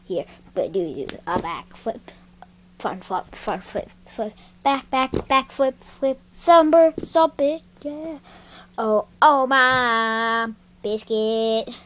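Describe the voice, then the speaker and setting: A woman's voice: mid-range voice, lightly acted. A woman voicing a goofy male puppy who sings and rambles in a silly, sing-song way in a homemade puppet show.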